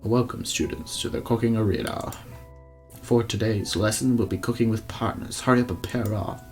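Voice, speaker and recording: A man puts on a lofty cooking teacher from a dating game, lower and quieter than his own voice. The teacher speaks slowly and formally, with soft music behind him. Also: steady tone, natural voice. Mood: stern.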